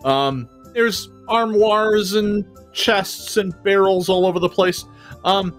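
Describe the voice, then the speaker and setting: A game master running a fantasy tabletop session, mid-pitched and unhurried. The narration is loose and conversational, dotted with little fillers. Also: soft background music. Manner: relaxed, easygoing narration with fillers.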